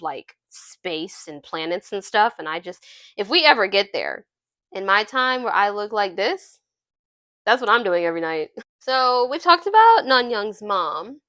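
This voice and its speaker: A young adult woman reviewing a film in casual chat, animated and chatty, often laughing as she retells scenes. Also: medium pitch, no echo. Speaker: movie reviewer.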